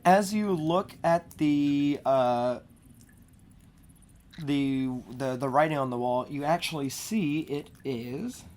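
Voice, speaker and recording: A woman's voice: low-pitched, takes it slowly, darkish tone. A woman narrating a tabletop game as game master, with a scratchy throat and a hesitant delivery full of fillers. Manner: hesitant, many fillers and restarts.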